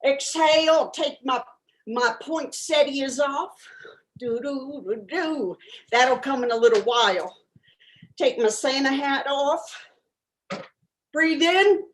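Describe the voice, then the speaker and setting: A high, slow, drifting voice belongs to a spacey new-age guru who rambles dreamily about sex and spirit, as a woman acts her out in improv. She is self-absorbed and takes her time, heard over a video call from a bedroom. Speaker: improv performer. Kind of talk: improvised character comedy. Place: home bedroom.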